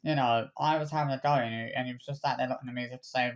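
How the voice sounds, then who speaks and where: A man ranting to camera, halting and repeating himself, swearing freely. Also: mid-range voice, steady tone. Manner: halting, many stammered restarts and repeated words. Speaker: vlogger. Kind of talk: angry personal rant.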